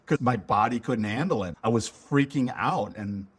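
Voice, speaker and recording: A middle-aged man from Minnesota co-hosts a casual podcast with an old friend. He tells childhood stories in an animated way and laughs often. His voice swings widely in pitch at a mid-range level. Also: moderate pace, breathy edge. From Minnesota, USA. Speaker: podcast co-host.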